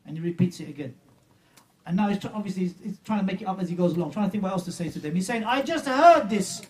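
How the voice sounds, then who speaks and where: High-voiced preacher heard from afar. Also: male voice, racing, dark tone, far from the mic. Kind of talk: sermon.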